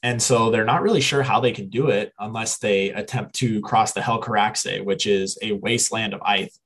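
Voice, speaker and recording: A man with a low, husky voice retells an old tale in a loose, rambling way. He paraphrases the characters' words and stops often to correct himself. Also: moderate pace, fairly bright tone, poor audio. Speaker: podcast co-host. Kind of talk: casual retelling of a story.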